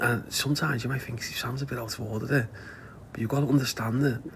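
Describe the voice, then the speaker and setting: Liverpool male livestreamer, mid-pitched, loose rambling delivery, heavy swearing, frequent laughter. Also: a little hiss or hum. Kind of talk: casual livestream chat.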